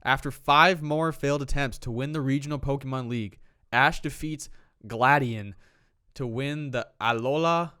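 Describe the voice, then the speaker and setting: A young man co-hosting a podcast in casual chat, teasing his friend with deadpan jokes and frequent laughs. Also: medium pitch, normal speed, clear, resonant tone. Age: young adult. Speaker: podcast co-host.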